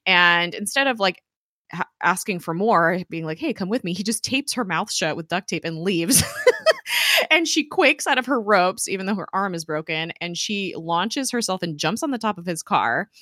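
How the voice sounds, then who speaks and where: A woman co-hosting a casual chat, retelling a TV episode in a chatty way, full of fillers and quick laughs. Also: on the low side, expressive, sharp tone, no echo, studio quality. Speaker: podcast co-host.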